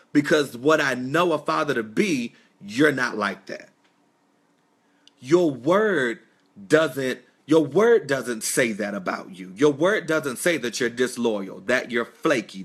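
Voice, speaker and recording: A man's voice: mid-range voice, fairly bright tone. A young man preaching a sermon on a live stream, telling a personal testimony with fervent, swelling emphasis and casual asides. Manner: impassioned, rising and falling emphasis, conversational asides. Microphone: phone or webcam live stream.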